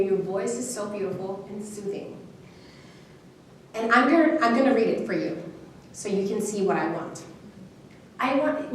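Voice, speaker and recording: A woman teaching public speaking at a live seminar, coaching a student and modeling an expressive reading with pauses and emphasis. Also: fairly high pitch. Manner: encouraging, expressive, demonstrates dramatic reading. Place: university hall seminar. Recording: very echoey hall from far off, faint noise.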